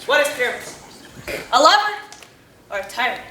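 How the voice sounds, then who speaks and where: A woman's voice: high voice, big pitch swings, fairly quick, pushed and bright, heavily acted. A woman playing a boastful, hammy male weaver who wants every part, declaiming with showy bombast on a college stage. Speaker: stage actor. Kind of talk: live college stage performance. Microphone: distant room mic. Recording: roomy stage audio from far off with faint noise.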